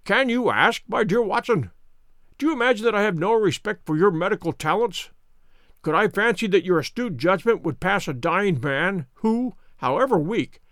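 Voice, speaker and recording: Man reading as a wry, brisk detective. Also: high-pitched, fairly bright tone, no room sound, clean studio sound. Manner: brisk, ironic, lecturing. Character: brilliant, wry male detective, recovering from fasting.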